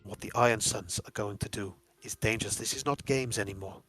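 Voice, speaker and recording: A man voicing a big, stern Nordic warrior in a tabletop game, speaking in a measured, formal, grave way. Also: on the low side, fairly bright tone, breathy edge, faint music behind.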